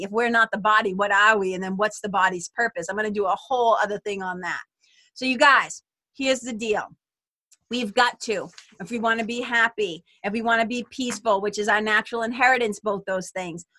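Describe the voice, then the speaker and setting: A woman's voice: mid-range voice, fairly bright tone, no room sound. A woman hosting a podcast, giving an earnest spiritual self-help talk straight to her listeners, recorded in a small closet. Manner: earnest, direct address to listeners. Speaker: podcast host.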